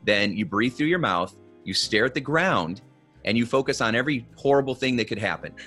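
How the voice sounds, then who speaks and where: A man with a medium-pitched, lively voice speaks fairly quickly in a sharp tone, faint music behind him. As a guest expert on body language in a conversational podcast, he coaches the listener with practical advice, often checking in with "okay?" and "right?"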